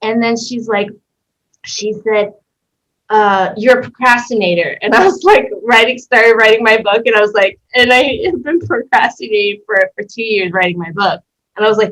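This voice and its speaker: A woman from Canada, a guest in a casual interview, telling a story in an animated way, acting out voices and swearing freely. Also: mid-range voice, normal speed. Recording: dull lo-fi sound.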